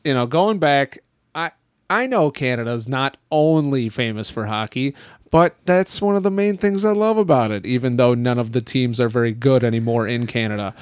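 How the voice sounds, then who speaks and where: A man's voice: mid-range voice, expressive, moderate pace, clear, resonant tone, dry recording. A man chatting casually on a podcast, agreeing often and chiming in with short replies. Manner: chatty, agreeable, with frequent backchannels.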